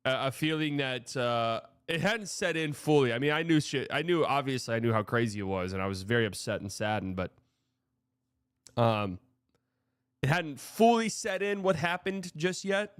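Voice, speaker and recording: A male streamer hosts a live sports show, talking loosely and swearing freely while sentences trail off and restart. His voice sits at an ordinary middle pitch, recorded close and dry with no room echo. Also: expressive, normal speed, smooth. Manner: frank, profane, rambling with restarts. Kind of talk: casual live-stream commentary.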